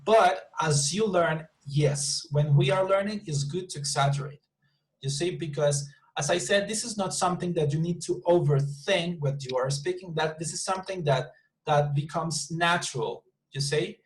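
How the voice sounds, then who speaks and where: A man's voice: on the high side, moderate pace, low-quality recording. A man with a slightly raised voice teaches an online English class over a video call. He explains patiently, repeats words often and keeps checking that students follow. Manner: repeats words often, says "you see" and "super" a lot.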